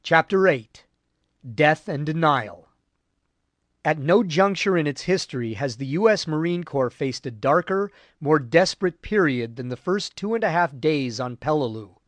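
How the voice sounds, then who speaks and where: A man narrating a war history audiobook in a measured, grave way. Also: a little high, animated, no room sound. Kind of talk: scripted narration.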